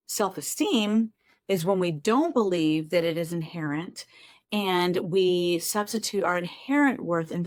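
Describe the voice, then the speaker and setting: A woman therapist speaks to camera from her home office, her voice sitting on the low side for a woman. She explains things casually, with self-deprecating asides. The sound is close and dry, with no room echo. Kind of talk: casual talk-to-camera teaching.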